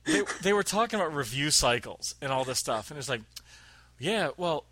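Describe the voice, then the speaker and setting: A man's voice: on the high side, very animated, normal speed, bright, forceful tone, dry recording. A man chatting casually on a podcast, telling a long story with laughs and acted-out quotes. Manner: rambling, laughing, acts out quotes.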